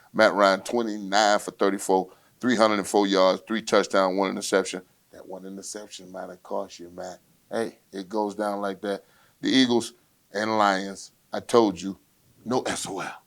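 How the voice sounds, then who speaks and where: A man in his forties hosting a solo sports podcast rundown, loud and swaggering, talking trash straight to his listeners. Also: lowish voice. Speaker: podcast host.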